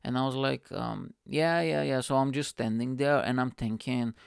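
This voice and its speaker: A man from Bulgaria, a podcast host reading an old stand-up set aloud, self-mocking and swearing, jumping into high voices for the people he quotes. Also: fairly even intonation, moderate pace, vocal fry, clear, resonant tone, dry recording, studio quality.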